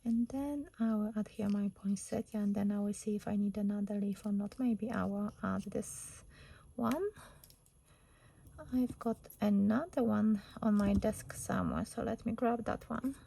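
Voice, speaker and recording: A woman hosting a casual craft tutorial at her desk, thinking aloud and hesitating over choices, her voice slightly hoarse. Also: medium pitch, steady tone, moderate pace, warm tone, poor audio.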